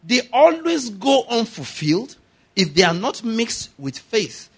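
High-voiced laughing male preacher. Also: big pitch swings, unhurried, slightly rough. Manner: laughs often, builds to shouted declarations. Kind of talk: sermon.

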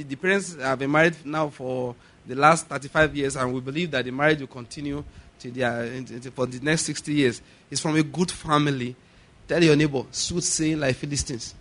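A man preaching a sermon, laughing often and building to shouted declarations. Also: fairly high pitch.

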